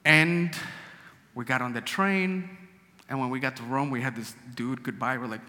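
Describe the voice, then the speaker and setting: A man from Guatemala telling a personal story to an audience, emotional and animated, acting out the dialogue. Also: mid-range voice, moderate pace, background noise. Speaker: storyteller guest. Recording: long hall reverb.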